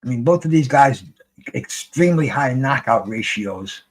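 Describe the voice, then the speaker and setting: A streamer commentates a live boxing match in a loose, excitable ramble, cursing freely and often starting his sentences over. His voice sits at a medium pitch and moves at a normal speed.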